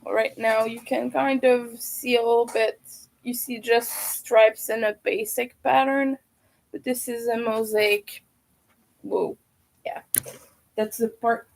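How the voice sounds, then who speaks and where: A woman's voice: fairly high pitch, vocal fry, darkish tone, rough recording. A young woman chatting casually on a livestream, talking while she eats. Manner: chatty, talks while eating. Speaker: livestreamer and crocheter.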